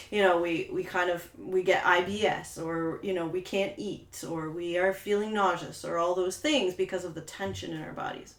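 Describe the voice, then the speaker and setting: A woman trauma therapist speaks casually to camera, rambling a little with frequent fillers. Her voice sits at a middle pitch, and the room around her rings with noticeable echo. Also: fairly bright tone. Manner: conversational, many "you know" fillers, acts out quoted voices. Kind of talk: talking-head coaching video. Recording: roomy echo.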